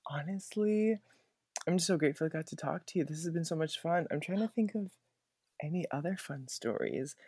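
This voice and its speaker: A man's voice: fairly high pitch, brisk, breathy edge, no room sound, studio quality. Earnest young man telling stories. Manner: earnest, animated storyteller, grateful tone. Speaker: guest, former theme park puppeteer. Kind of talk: conversational podcast interview.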